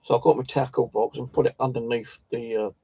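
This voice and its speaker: Gravelly man rambling casually. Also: medium pitch, fairly even intonation, a little fast, mellow, dry recording. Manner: swears a lot, restarts and stumbles. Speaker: channel host.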